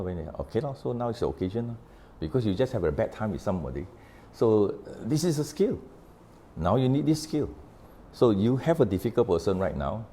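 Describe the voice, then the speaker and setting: Low-voiced Malaysian man telling a story. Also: dark tone, slight background noise. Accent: Malaysian English. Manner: recounts conversations with quoted dialogue, unhurried, explanatory. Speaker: author sharing on his book. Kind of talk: casual storytelling talk.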